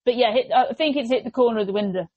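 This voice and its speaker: English woman host, casual podcast chat, animated and talkative, dry close sound. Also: on the high side, racing, dry recording, dull audio. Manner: chatty, animated, jumps into quoted voices.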